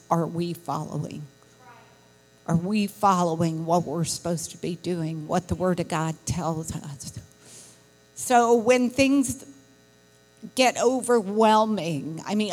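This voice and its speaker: Slow, breathy woman in a church. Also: mid-range voice, in a large hall, rough recording. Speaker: missionary's wife. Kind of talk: church testimony. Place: church sanctuary.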